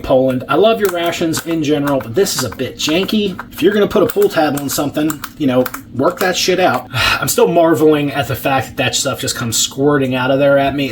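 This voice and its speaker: A man's voice: a little high, slight background noise. A man hosting a casual food-tasting vlog, chatty and blunt, swearing freely as he unpacks and tastes ration food. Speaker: ration review host.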